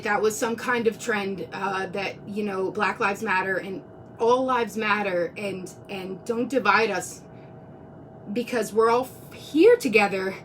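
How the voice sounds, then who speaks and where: A woman's voice: medium pitch, recorded from a distance, a little hiss or hum. A woman talking earnestly on a live stream, close to tears, rambling and restarting her sentences. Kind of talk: emotional live-stream monologue. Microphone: phone.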